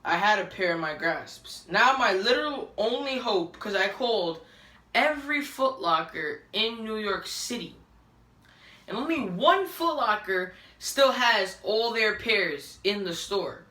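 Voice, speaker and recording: A woman's voice: mid-range voice, lively intonation, measured pace, reverberant. A woman ranting to camera in a frustrated, profane way, filmed on a phone on a selfie stick. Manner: profane, frustrated, rising to shouting. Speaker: vlogger. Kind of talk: angry rant to camera.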